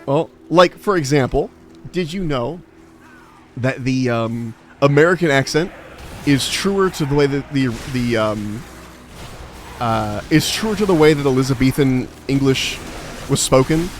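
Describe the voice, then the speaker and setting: A man's voice: medium pitch, expressive, unhurried, faint music behind. A young man streaming a game in casual chat, rambling on a side topic, swearing and laughing at himself.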